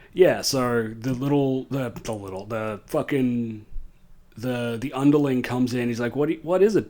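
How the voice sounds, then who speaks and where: A man talks through a horror movie's plot at an unhurried pace. He rambles, restarts and curses freely. His voice sits at an ordinary, middle pitch. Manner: rambling, profane, laughing asides. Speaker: film recapper. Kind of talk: casual movie recap.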